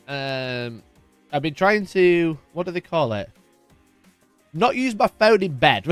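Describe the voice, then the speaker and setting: High-voiced chatty streamer. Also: male voice, dry recording. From United Kingdom. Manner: chatty, jokey, greets viewers by name. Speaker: live stream host. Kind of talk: casual live-stream chat reading viewer messages.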